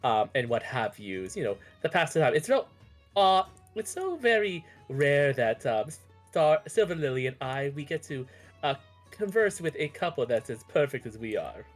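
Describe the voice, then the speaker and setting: Chatty vacationing wife, played by the game master; rambling, filler-heavy, very lively pitch, light music underneath. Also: normal speed. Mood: bubbly, rambling. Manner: rambling, full of fillers like "you know". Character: chatty married woman on a couples' getaway. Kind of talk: tabletop role-play character voice.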